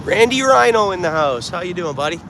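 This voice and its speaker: A man with a slightly high voice talks easily to his live-stream viewers, greeting them and thinking aloud. He is outdoors, and the recording carries plenty of ambient noise from the water and nearby traffic. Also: big pitch swings, fairly quick. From Canada. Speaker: fishing streamer. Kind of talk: live-stream chat while fishing. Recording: clear outdoor background noise.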